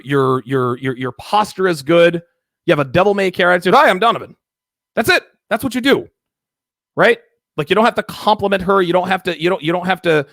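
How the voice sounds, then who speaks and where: Host, male, gravelly and slightly high-pitched voice, emphatic and repetitive, dry close recording. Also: a bit bright, no room sound. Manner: emphatic, repetitive, acts out mock dialogues. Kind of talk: call-in dating advice show.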